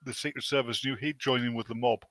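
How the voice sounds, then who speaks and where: Male co-host, deadpan sardonic quips, mid-pitched. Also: fast. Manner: dry, sardonic jokes. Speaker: podcast co-host. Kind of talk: casual chat.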